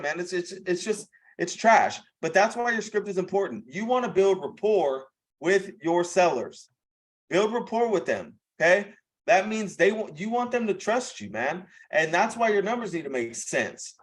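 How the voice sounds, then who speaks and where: A man's voice: high voice, expressive, normal speed, poor audio. A young man hosting a live video call, coaching in a blunt, profane, chatty way and saying "bro" and "okay" a lot. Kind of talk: casual coaching talk.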